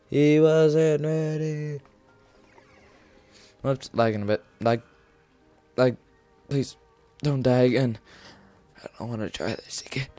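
A man's voice: medium pitch, warm tone, clear, resonant tone. A young man streaming a game, rambling goofily, humming and singing to himself. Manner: rambling, goofy, hums and sings to himself. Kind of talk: casual gameplay commentary.

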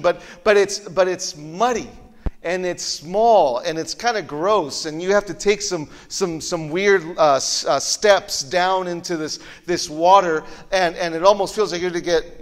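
A man's voice: high voice, in a large hall. A male pastor preaching a sermon in a church, telling the story animatedly and often repeating words as he goes. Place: church auditorium.

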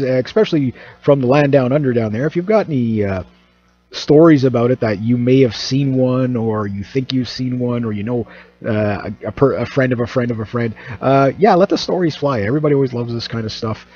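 A man's voice: medium pitch, mellow, husky. A man from Canada, hosting his own channel in a casual, rambling, joking monologue full of fillers and restarts. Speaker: channel host. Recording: dull lo-fi recording.

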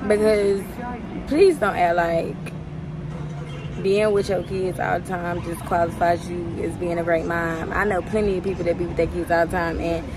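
A woman's voice: fairly low pitch, steady tone, moderate pace, heavy background noise. A young woman and mother chatting casually to her viewers in a vlog, slangy and talkative. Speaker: vlogger and mother.

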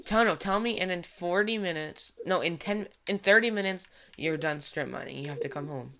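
A man's voice: sits high, normal speed, creaky, pushed and bright, slight background noise. A boy gamer chatting casually during a let's-play, taking charge of the plans. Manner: bossy, decisive planner. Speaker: gamer host.

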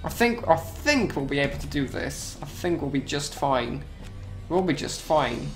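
A man giving casual gameplay commentary, excitable, repeating himself and yelping at sudden moments. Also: on the high side, unhurried, soft background music.

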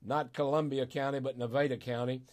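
Hosting a call-in radio show, this older Arkansas pastor with a Southern accent speaks briskly in a flat, somewhat mellow mid-range voice. His manner is homespun and emotional, with plenty of laughs and drawn-out words for emphasis.

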